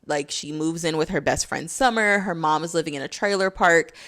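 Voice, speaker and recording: A woman's voice: low voice, fairly quick, fairly bright tone. A young woman talking through a casual video essay, chatty and full of "like"s. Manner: chatty, filler-heavy, with many "like"s.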